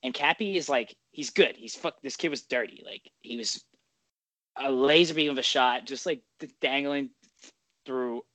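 A man in the host's chair of a casual chat, rambling from thought to thought with plenty of swearing and laughs. His voice sits at an ordinary middle pitch and sounds dry and close, with no room around it. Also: moderate pace, a bit bright, dry recording. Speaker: podcast host.

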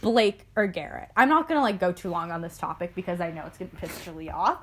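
A young adult woman co-hosting a podcast in casual chat, swearing freely and talking with lively energy. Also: lowish voice, fast talker. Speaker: podcast co-host.

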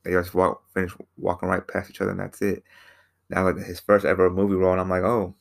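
A man's voice: sits low, completely flat delivery, fast talker, creaky. A man casually recapping a film in a rambling way, repeating himself and using lots of fillers. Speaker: film reviewer.

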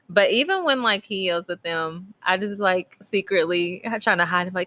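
A woman's voice: fairly low pitch, moderate pace, hardly any pauses, fairly bright tone. A woman, chatting candidly as a podcast co-host and telling stories with a laugh. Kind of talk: casual chat.

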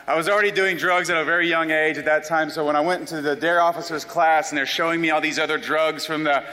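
A young man from South Carolina, telling his life story as an animated, self-deprecating testimony. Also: a little high, fast talker. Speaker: speaker giving a personal testimony. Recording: long reverb of a large hall.

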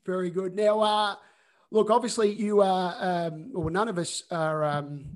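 A man's voice: high voice, steady tone, unhurried. A man hosting a casual video-call podcast, chatty and full of fillers. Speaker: podcast host.

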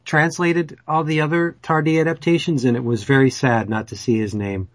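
A man's voice: on the high side, flat delivery, normal speed, no echo. A man co-hosting a comics podcast, chatting casually as an eager, stammering fan. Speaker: podcast co-host.

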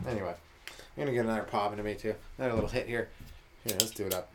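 A man's voice: lowish voice, rapid-fire, long pauses, slight background noise. Rambling, profane male comedian. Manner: loose and profane, slips into mocking voices for the people he quotes. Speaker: podcast host, comedian. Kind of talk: rambling solo comedy monologue.

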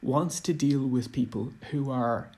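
A man's voice: medium pitch, a little slow, darkish tone. A man giving a rambling casual monologue on running tabletop games, hesitant with many fillers and restarts. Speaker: tabletop game commentator.

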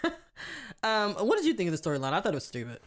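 A woman co-hosting a podcast in casual chat, animated and frank, laughing often and speaking. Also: medium pitch, rapid-fire. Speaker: podcast co-host.

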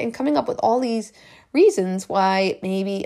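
A woman's voice: fairly high pitch, lively intonation, moderate pace, darkish tone. A woman speaks in a podcast monologue as a life coach. Her delivery is earnest and encouraging, and she often says a phrase twice or three times for emphasis. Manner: emphatic, repeats phrases for effect.

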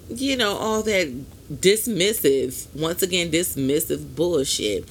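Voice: mid-range voice, animated, slow, gravelly, slight background noise. A podcast host talking in a casual solo monologue, blunt and emphatic, with casual swearing and frequent asides to the listener.

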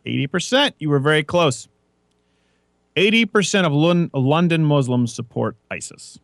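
A man's voice: on the high side, lively intonation, moderate pace, gravelly, dry recording, clean studio sound. A man hosting a casual talk show, rambling and joking as he tells stories. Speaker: podcast host. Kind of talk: casual chat.

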